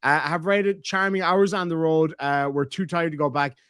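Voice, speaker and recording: A man's voice: fairly high pitch, steady tone, normal speed, a bit bright, clean tone, no echo, studio quality. An Irish man hosting a casual stream, reading member messages aloud in a joking, crude, rambling way. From Ireland. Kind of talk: casual reaction stream chat.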